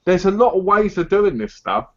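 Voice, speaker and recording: A man's voice: sits high, big pitch swings, moderate pace. A man co-hosting a casual live chat, giving blunt, insistent advice in a lecturing tone. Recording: dull lo-fi stream audio.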